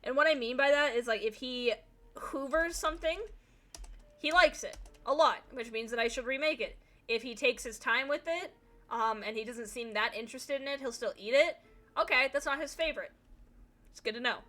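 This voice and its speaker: A woman's voice: high-pitched, normal speed, fairly bright tone. A young woman streamer chatting casually, telling a rambling story full of fillers and swearing. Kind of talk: casual chat while streaming a game.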